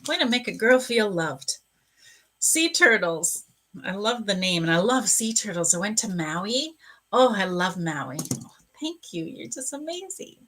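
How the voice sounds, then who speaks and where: A woman psychic medium reads cards on a live stream, talking straight to one viewer. Her tone is bright and clear, and she gushes with open feeling. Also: medium pitch, expressive, measured pace. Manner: gushing, emotional, warm-hearted talk. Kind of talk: live-stream card reading.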